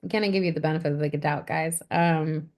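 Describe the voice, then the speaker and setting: A woman's voice: low voice, fairly even intonation, a little fast, a little mellow. A woman in her thirties co-hosting a casual podcast, giggly and hesitant, with many fillers. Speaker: podcast co-host. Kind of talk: casual chat.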